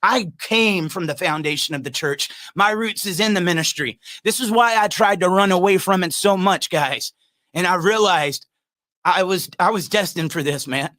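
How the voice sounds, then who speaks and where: A man hosting a podcast, delivering a fired-up, preachy monologue that climbs into shouts. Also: high-pitched, moderate pace. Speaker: podcast host.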